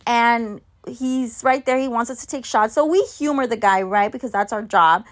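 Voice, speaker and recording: A woman's voice: a little high, normal speed. A woman telling a candid, chatty story in a casual vlog, swearing freely. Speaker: vlogger and mom.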